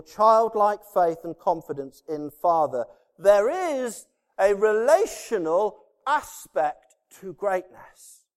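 A man with a high voice preaches a sermon in a large hall that leaves a long reverb. He drives points home by repeating key words. He swings between loud, rising declarations and quiet, hushed asides.

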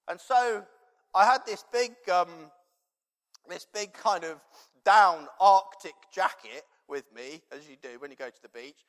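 A man with a high voice preaches conversationally, wandering through a personal story with plenty of ums and restarts. His voice rings out with a long reverb, as if he were in a large hall. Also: lively intonation, moderate pace, fairly bright tone. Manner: rambling, conversational, many fillers.

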